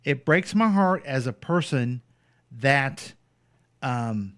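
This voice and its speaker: A man's voice: medium pitch, lively intonation, takes it slowly, fairly bright tone. A man from Missouri co-hosts a talk radio show in a loose, blunt chat. He gets indignant over the clips he plays and laughs often. His voice sits in the middle of a man's range. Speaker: radio co-host. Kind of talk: casual political chat.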